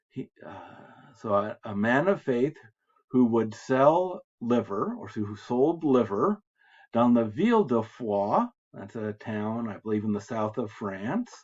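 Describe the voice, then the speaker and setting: An American man teaching French reading, who reads French phrases aloud and then patiently explains them in English. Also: medium pitch. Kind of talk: recorded lecture explaining translations. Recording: slightly dull lo-fi lecture audio.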